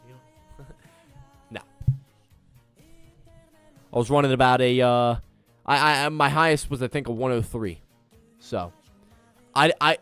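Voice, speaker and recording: A man's voice: medium pitch, smooth, no room sound. Young man, casual streamer, chatty and joking, faint music under the voice. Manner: chatty, joking, talks straight to viewers. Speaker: livestreaming day trader. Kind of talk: casual live stream chat.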